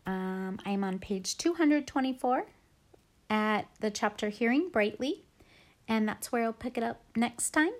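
A woman reading a chapter book aloud in a steady, clear way. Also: a little high, measured pace.

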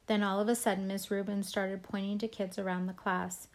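A woman teacher reading a novel aloud to her class in a lively, expressive way. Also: medium pitch, fairly quick, rough recording. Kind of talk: read-aloud storytelling.

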